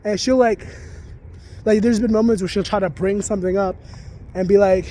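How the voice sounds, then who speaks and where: A man's voice: sits high, fairly even intonation, moderate pace, pauses often, dark tone. A man venting in a casual vlog rant, heated and full of swearing, recorded outdoors. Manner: profane, heated, rambling. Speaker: psychic reader and spiritual content creator. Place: outdoors near geese.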